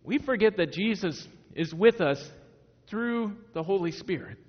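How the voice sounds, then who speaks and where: A middle-aged man from Northwest Indiana delivers a sermon in a relaxed, storytelling way, stumbling over restarts and asking the congregation questions. His voice sits somewhat high for a man. The recording is slightly muffled and rings with the long reverb of a large hall. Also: measured pace. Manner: conversational, restarts and rhetorical questions. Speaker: pastor.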